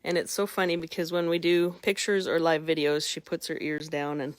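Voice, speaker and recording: A woman's voice: low-pitched, flat delivery, a little fast, no echo. A woman dog breeder chatting casually and fondly while showing off puppies. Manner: chatty and folksy, fond toward the puppies. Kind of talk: casual chat.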